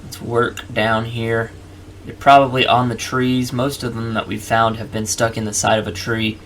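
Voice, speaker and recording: Guy doing let's play commentary, middle pitch, kinda gravelly, talks thru every move. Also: level tone, moderate pace, a bit bright, a little hiss or hum. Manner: chatty, narrates each move to the viewer. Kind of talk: casual gameplay commentary.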